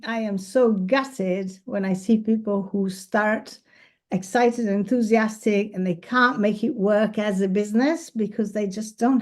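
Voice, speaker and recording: This woman, a professional photographer, speaks with a mid-range, dark-toned voice during a relaxed talk and Q&A at an event space. She's talkative, eager, and laughs easily.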